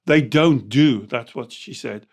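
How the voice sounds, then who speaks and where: A man with a husky, medium-pitched voice speaks slowly while hosting a podcast as a coach. He tells stories about clients with animated flair, acting out their dialogue in an anecdote-driven discussion.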